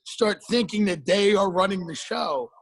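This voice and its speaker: A male podcast guest speaking in a sardonic, deadpan way over a video call. His voice is somewhat high with a husky edge, and he swears freely. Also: unhurried, rough recording. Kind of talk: casual chat.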